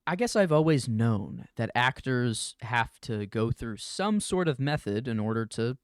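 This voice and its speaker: A man musing aloud in a casual podcast chat, mid-pitched and rambling, circling his thoughts with fillers. The sound is dry and close. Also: expressive, measured pace, clean tone, no room sound. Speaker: podcast co-host.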